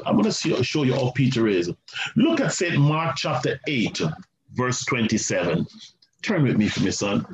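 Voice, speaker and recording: A male pastor preaching a sermon, animated and repetitive, with asides to the congregation. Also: medium pitch. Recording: roomy, slightly muffled church recording.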